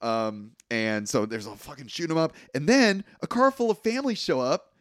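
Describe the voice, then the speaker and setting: A young man co-hosting a podcast, recapping a film in a casual, animated and profane way. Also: a little high, normal speed, dry recording, studio quality. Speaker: podcast co-host.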